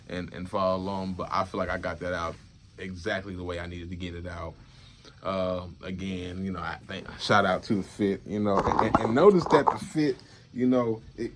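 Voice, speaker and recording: A young man talking to his viewers in a loose, repetitive monologue, murmuring low and then bursting out loud to make a point. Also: slight background noise. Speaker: vlogger. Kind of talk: casual rambling monologue.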